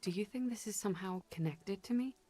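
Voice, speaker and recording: A woman's voice: medium pitch, brisk, dark tone, close to an everyday voice. An actress voicing a wary, guarded young woman in video game dialogue who asks clipped questions.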